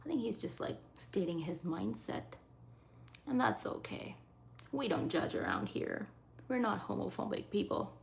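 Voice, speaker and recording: A woman hosting a live makeup stream, chatting casually and often dropping into soft half-whispers. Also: medium pitch, expressive, a little slow, vocal fry. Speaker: livestreaming makeup host. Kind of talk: casual live makeup chat, reading comments. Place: at home in Saskatchewan. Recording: faint background noise.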